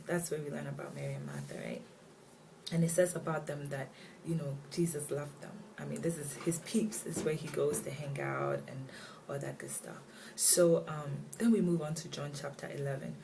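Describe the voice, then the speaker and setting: A woman's voice: low-pitched, vocal fry, darkish tone. A woman giving a casual, chatty Bible devotional, retelling scripture in slangy everyday words. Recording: distant mic with faint background noise.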